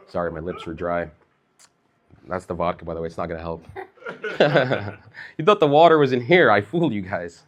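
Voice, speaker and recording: A Chicago man in his thirties does a loose, conversational stand-up set on a comedy club stage, sprinkling "like" and "bro" all through it. His voice is fairly low and his pace measured, with frequent pauses and a little background noise.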